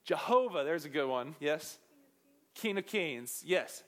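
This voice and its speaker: Man, young adult, pastor, high pitch, animated joking sermon, asks audience questions. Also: measured pace. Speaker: youth pastor. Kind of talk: energetic sermon.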